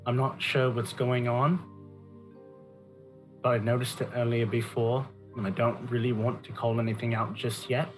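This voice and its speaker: A player speaking in character in a tabletop game, measured and cautious. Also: medium pitch, flat delivery, faint music behind, rough recording. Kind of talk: in-character tabletop role-play.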